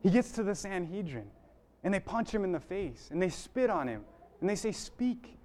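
Earnest high-voiced man preaching. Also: big pitch swings, a little fast, a little mellow. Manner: earnest, rising in fervor, with fillers and restarts. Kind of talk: sermon.

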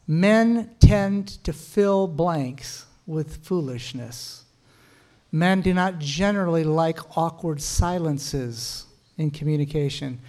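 A middle-aged man teaching about marriage in a sermon-like talk, telling stories and breaking into quick laughs and punchy asides. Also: a little high, a little mellow.

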